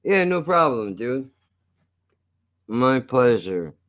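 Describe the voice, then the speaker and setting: This South Jersey man has a mid-range, slightly bright voice with a sing-song lilt, and he takes his time. Casual and profane, he addresses his live-stream chat in his regional accent.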